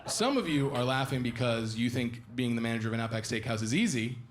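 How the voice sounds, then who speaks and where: A young man performing a stand-up comedy set live on stage, animated and acting out shrill impressions of his girlfriend. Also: fast talker, heavy background noise. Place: theater stage before a live audience. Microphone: stage microphone. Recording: live stage recording with audience laughter. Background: audience laughter and applause.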